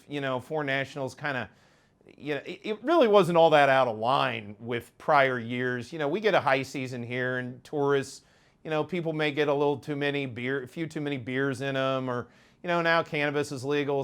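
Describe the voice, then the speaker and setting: A man, a lawyer hosting his own channel, talking through a news story in a rambling way with many fillers and restarts. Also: fairly high pitch. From United States. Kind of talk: casual commentary to camera.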